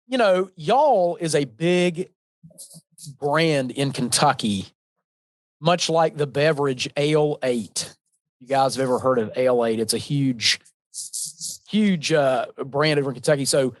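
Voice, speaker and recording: A man from West Virginia with a southern West Virginia accent, hosting a relaxed panel chat. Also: on the high side, no room sound. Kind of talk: casual panel discussion.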